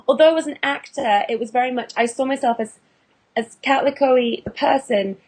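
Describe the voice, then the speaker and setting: A woman's voice: high voice, normal speed, a little mellow. A British woman, a burlesque performer and actor, chatting in an interview with many restarts and fillers. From England. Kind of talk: casual interview chat.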